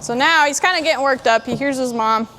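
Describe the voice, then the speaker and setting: A woman horse trainer in a sandy arena, calmly explaining while she works a young horse and talks to it. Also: high-pitched, fairly quick, noisy background. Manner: calm, plainspoken, talks to the horse in between. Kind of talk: training demonstration.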